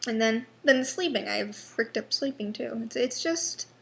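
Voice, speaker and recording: A young woman in a personal vlog, talking haltingly with many pauses and restarts, sounding frustrated and worn down. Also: a little high, creaky, fairly bright tone. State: unwell. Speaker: vlogger.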